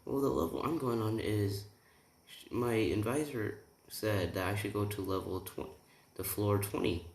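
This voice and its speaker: A man voicing an eager, polite young male hero in a plain, halting way. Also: fairly low pitch, fairly even intonation, close to an everyday voice. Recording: roomy room, distant mic, faint hiss.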